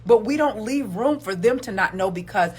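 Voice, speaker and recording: A woman's voice: medium pitch, expressive, normal speed, husky. A woman giving emphatic, preachy commentary on relationships, repeating words for stress. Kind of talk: opinionated video commentary.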